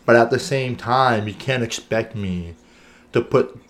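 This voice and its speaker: In a casual podcast conversation, a male co-host with a mid-range voice talks at a measured pace, earnestly working through ideas aloud and leaning on "right?" and "you know what I'm saying?"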